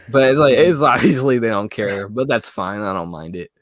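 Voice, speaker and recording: A man's voice: medium pitch, a little hiss or hum. A young man who makes movie videos, chatting as an interview guest in a hesitant, rambling way full of fillers. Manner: hesitant, rambling, many fillers and "I don't know". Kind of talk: casual interview chat.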